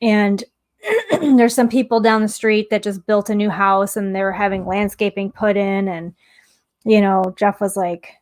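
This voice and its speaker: A woman's voice: mid-range voice, unhurried, a little mellow. Candid woman chatting about mindfulness. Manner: candid, conversational, tells personal stories. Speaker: mindfulness teacher and vlogger. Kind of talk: casual self-help monologue.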